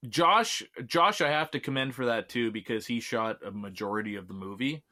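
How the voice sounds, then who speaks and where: A man from Canada talks as a guest in a relaxed podcast interview, his voice sitting at an ordinary middle pitch. He chats loosely and laughs often between remarks. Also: moderate pace. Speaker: filmmaker guest.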